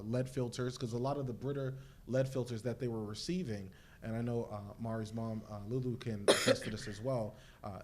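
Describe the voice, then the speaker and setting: A man's voice: mid-range voice, slight background noise. A man speaking as a panelist and community activist, earnest and hesitant, with many fillers. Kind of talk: panel discussion.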